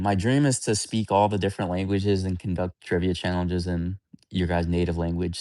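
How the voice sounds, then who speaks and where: A man hosting a live stream, answering viewer questions in loose, candid chat. His voice sits fairly low, and he talks bluntly and rambles from point to point. The sound is close and dry, with almost no room around it. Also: darkish tone, no room sound. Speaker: livestream host.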